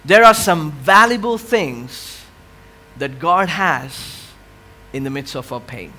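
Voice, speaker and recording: Preaching in full sermon mode, a male pastor uses a high, bright voice with a ringing edge and lively intonation, moving at a slow pace over faint background music. He draws the congregation in with questions and call-and-response, swells into loud, impassioned cries, then drops low and quiet again.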